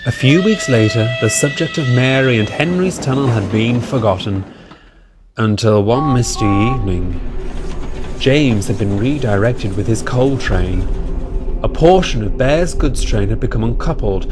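A man's voice: medium pitch, measured pace, noisy background. Man narrating a spooky storybook. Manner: steady reading. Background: music.

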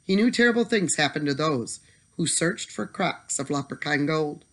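Casting: a mid-pitched, expressive bedtime story reader. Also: normal speed.

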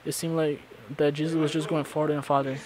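A man preaching a sermon, retelling scripture stories in a halting way and often repeating his words. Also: a little high, flat delivery, a crowd in the background, poor audio. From Florida congregation. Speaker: pastor.

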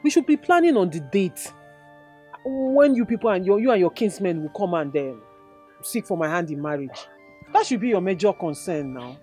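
An actress with a Nigerian accent playing a sharp-tongued fiancée who confronts the man she is to marry, mocking and scolding him in a Nigerian movie drama. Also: fairly low pitch, lively intonation, moderate pace, natural voice. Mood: coaxing. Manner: mocking, scolding, switches into pidgin taunts. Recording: faint background music score.

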